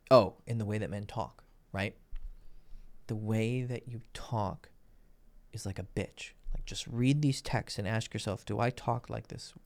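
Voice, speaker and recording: Blunt, profane man with a gravelly voice. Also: lowish voice. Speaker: dating coach. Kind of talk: crude casual advice monologue.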